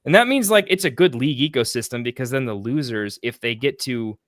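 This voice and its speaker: Rambling, excitable man in casual chat. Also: medium pitch, fairly quick, no echo, studio quality. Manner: rambling, excitable, trails off into restarts; swears casually. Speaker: fantasy football podcast co-host.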